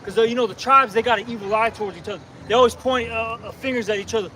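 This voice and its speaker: High-voiced man preaching hard on a street. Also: very fast, bright, forceful tone. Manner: confrontational, emphatic, punctuates with "okay?". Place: outdoors on a city street. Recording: distant outdoor recording with street noise.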